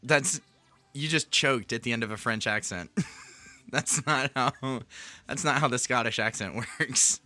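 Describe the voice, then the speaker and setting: A man's voice: medium pitch, unhurried, sharp tone, soft background music. A man hosting a podcast, chatting casually and teasing his co-host in playful banter. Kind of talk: casual chat.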